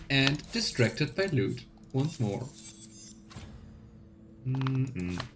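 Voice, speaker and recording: A man giving casual gameplay commentary, chatty and reading game text aloud playfully. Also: mid-range voice. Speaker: let's play host.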